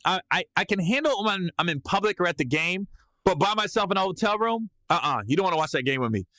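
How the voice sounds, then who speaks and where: A man hosting a podcast, telling a comedic story in a lively way and breaking into loud yelled reenactments. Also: high voice, fast talker, no room sound. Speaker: podcast host.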